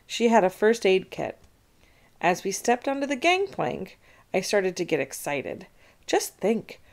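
A woman reading a children's chapter book aloud, making the characters' lines higher and louder than the narration. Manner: expressive, voices dialogue higher and louder. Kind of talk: read-aloud storytelling.

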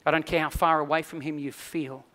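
Male Australian pastor, high, forceful voice, lively storyteller who softens into earnest preaching. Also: a little fast, long reverb tail. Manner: animated storyteller, dropping to a quiet, earnest tone for the message. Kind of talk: sermon with personal storytelling.

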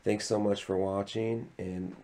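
A man filming a casual home vlog, chuckling and gently soothing his frightened dog. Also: lowish voice, level tone, measured pace. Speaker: vlogger. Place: home indoors.

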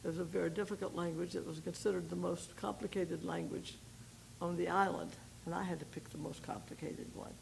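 An older woman, a missionary, giving a folksy personal testimony to a women's group, telling her story with pauses and repeated starts. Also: on the low side, steady tone, gravelly, a little mellow, a little hiss or hum, poor audio. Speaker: missionary speaker.

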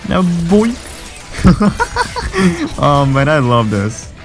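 A young man giving excitable, swearing, trash-talking commentary over his own gameplay. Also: medium pitch, moderate pace. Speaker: gaming video creator. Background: game music.

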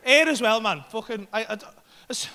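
A man doing crude, animated stand-up comedy on a comedy club stage into a handheld mic, with shouted bursts. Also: high-pitched, brisk.

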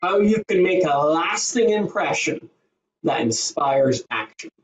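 High-voiced man coaching, roomy distant sound. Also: measured pace. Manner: energetic, emphatic, coaching tone. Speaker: presentation skills trainer, guest. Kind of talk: podcast interview answers. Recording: roomy, distant, dull remote audio.

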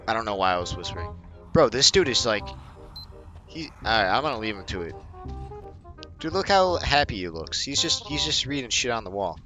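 A man's voice: fairly low pitch, a little fast. A young man narrates his gameplay in a casual, profane stream of reactions. His voice rises and falls a lot, and game music plays underneath. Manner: profane, animated, reacting aloud. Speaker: gaming streamer.

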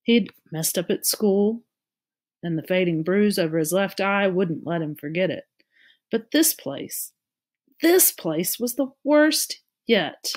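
A woman narrating a storybook aloud in a steady, measured way. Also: medium pitch.

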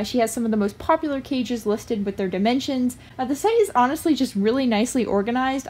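A woman hosts a casual pet product review and chats along with plenty of filler sounds. Her voice sits fairly high and has a husky, breathy texture. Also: a little mellow. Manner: chatty, with frequent "uh" fillers. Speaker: pet channel host.

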